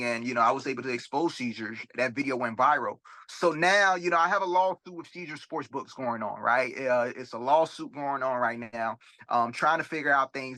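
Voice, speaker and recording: A young man from Florida, a rapper guesting on an interview show, telling a story in a casual, animated and profane way and acting out the dialogue. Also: medium pitch, no room sound. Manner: animated, profane, acts out quoted dialogue, frequent tag questions. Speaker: rapper and sports bettor, guest.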